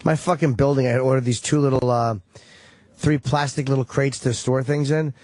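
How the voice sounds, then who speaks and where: A man's voice: mid-range voice, steady tone, fairly quick, darkish tone, dry recording. A man who is a regular on a radio talk show, asking indignant questions and grumbling profanely in casual banter. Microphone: studio microphone.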